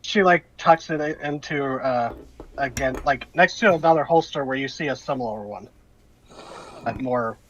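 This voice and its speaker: A man's voice: medium pitch, moderate pace, fairly bright tone, muffled recording, a little hiss or hum. A man running a tabletop game as game master, narrating in a rambling, hesitant way full of fillers.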